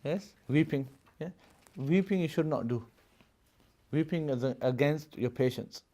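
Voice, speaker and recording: A religious studies teacher speaks unhurriedly in a warm voice that leans high. During his live classroom lesson he explains at length, laughs a good deal, and keeps asking his students "Yes?" and "Yeah?"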